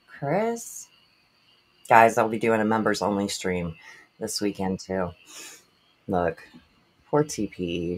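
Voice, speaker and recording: A woman hosting a livestream, excited, giggly and out of breath as she greets her chat. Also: extremely low pitch. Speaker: livestream host.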